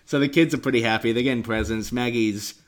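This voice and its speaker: A man's voice: mid-range voice, fast. A man co-hosting a casual comedic podcast, reading a comic with a dry, wry manner. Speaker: podcast co-host.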